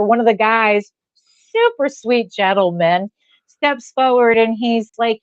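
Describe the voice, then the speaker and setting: A woman on a podcast, casually telling a story in an animated way and acting out the voices of the people she quotes. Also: sits high, normal speed, no echo, lo-fi sound.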